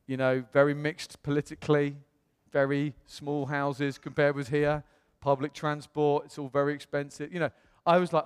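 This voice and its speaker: A man, a pastor, telling a personal story in a sermon in a chatty, animated way. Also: on the high side, normal speed, few pauses, clear, resonant tone, big-room sound. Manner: chatty storytelling, animated voices when quoting others.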